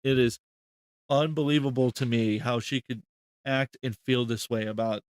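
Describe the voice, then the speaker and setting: A man's voice: mid-range voice, fairly even intonation, normal speed, clean tone, no echo, studio quality. A man hosting a reaction commentary, rambling and incredulous, swearing often. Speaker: host.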